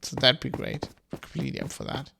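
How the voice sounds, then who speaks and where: A man's voice: brisk, bright, forceful tone, slight background noise. A man streaming a game, rambling in loose, casual chat full of swearing and fillers. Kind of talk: casual chat while gaming.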